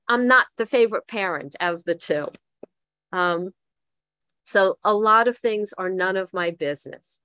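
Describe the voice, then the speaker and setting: A woman's voice: mid-range voice, fairly bright tone, no echo. A middle-aged woman giving a candid, reflective recovery talk, thinking aloud and poking fun at herself. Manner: candid, self-deprecating, thinks aloud with fillers. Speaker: twelve-step recovery speaker.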